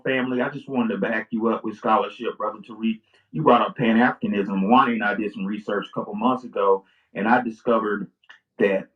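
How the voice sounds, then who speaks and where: A man joining a live stream as a guest scholar, speaking confidently in casual discussion. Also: on the low side. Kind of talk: casual discussion, reading a passage aloud. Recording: distant, muffled call audio.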